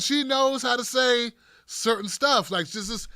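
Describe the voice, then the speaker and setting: A man hosts a casual livestream, talking back to news clips with a sarcastic edge. His voice sits high and comes through smooth and clear. The sound is dry and close to the mic. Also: expressive, slow, pauses often, sharp tone, dry recording. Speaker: political commentary show host.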